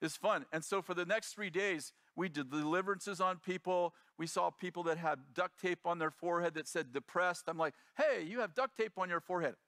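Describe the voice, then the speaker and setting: A middle-aged man preaches as a pastor, telling a lively story and slipping into the voices of the people in it. His voice sits a little high for a man. The sound is close and dry. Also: brisk, hardly any pauses, no room sound. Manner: animated storyteller acting out quoted voices. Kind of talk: sermon storytelling.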